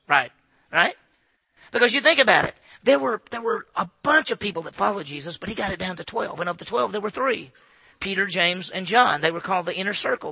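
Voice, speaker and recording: A man delivers a lively expository sermon, slipping into hushed voices for asides. His voice sits high and sounds bright and gravelly. The recording is dry and close. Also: no echo. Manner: animated, acts out disciples' asides in hushed voices. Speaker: pastor.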